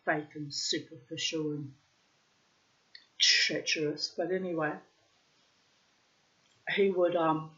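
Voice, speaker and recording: A woman's voice: sits low, fairly even intonation, slow pace, pauses often, fairly bright tone. A woman telling personal stories in a frank, rambling monologue and swearing freely. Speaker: vlogger. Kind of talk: candid storytelling monologue. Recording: slightly dull lo-fi sound.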